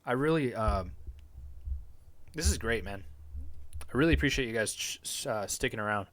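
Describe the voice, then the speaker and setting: A man's voice: lowish voice, lively intonation, moderate pace, a bit bright, no echo. A young man chatting casually on a live stream from his home basement, rambling and swearing often in a laid-back way.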